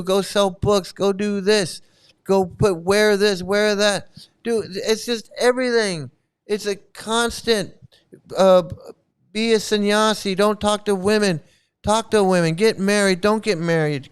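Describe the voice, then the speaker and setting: A man's voice: high-pitched, clean tone. A man hosting a casual commentary video, ranting bluntly with exasperation, repeating himself and swearing freely. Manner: exasperated, repetitive, blunt and profane. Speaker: commentary channel host.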